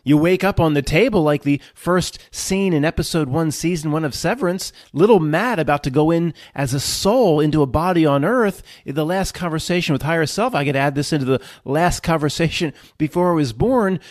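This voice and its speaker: High voiced guy rambling solo, cheeky and loose, dry no-echo sound. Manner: irreverent, acts out voices. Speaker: vlogger. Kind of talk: animated solo monologue.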